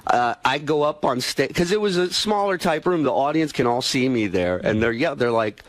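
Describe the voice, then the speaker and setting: A man on a radio talk show, a staff member telling an animated story and acting out quotes. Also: medium pitch, moderate pace, no echo.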